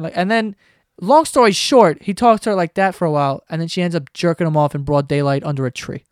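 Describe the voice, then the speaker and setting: A man's voice: fairly high pitch, quick pace, no echo, clean studio sound. A man hosting a podcast, ranting casually with lots of swearing and sarcasm. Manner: profane, sarcastic, animated ranting. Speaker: podcast host.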